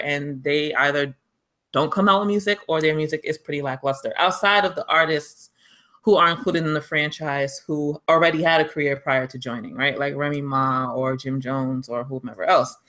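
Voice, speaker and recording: Bright-voiced New York woman. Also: deep voice. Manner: chatty, emphatic, laughs often. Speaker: podcast co-host. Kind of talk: casual chat.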